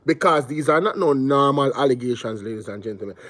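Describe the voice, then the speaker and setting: Animated Jamaican man reacting live. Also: mid-range voice, fairly quick, dry recording. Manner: animated, emphatic, repeats points, shouts out viewers. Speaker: reaction show host.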